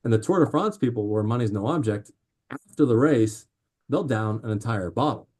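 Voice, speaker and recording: A man talking as a guest on a podcast, telling animated stories with lots of fillers and restarts. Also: mid-range voice, normal speed. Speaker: podcast guest, drink company founder. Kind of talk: casual interview chat.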